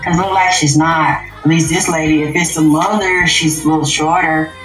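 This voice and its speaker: A woman's voice: steady tone, normal speed, roomy sound, low-quality recording. Profane, emphatic woman livestreaming. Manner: profane, emphatic, swings from low muttering to high shouts. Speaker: livestream host. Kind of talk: unscripted livestream rant.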